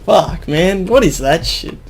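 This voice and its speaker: A man's voice: high voice, expressive, slow, slight background noise. An Australian man giving casual gameplay commentary, swearing a lot, laughing often and muttering under his breath. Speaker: gamer host.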